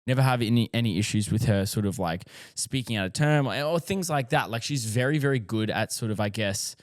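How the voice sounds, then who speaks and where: A man's voice: fairly low pitch, lively intonation, brisk, no echo, clean studio sound. A man, talking frankly in a rambling, sweary way about being a parent. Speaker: dad vlogger. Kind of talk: casual monologue.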